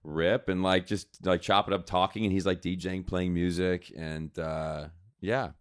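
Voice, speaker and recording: A fairly low-voiced man spins rambling anecdotes as a podcast guest, stacking fillers and restarts as he goes. His voice is close and dry, with no room around it. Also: little pitch movement, unhurried, clear, resonant tone, no echo. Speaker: guest, actor. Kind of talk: casual storytelling interview.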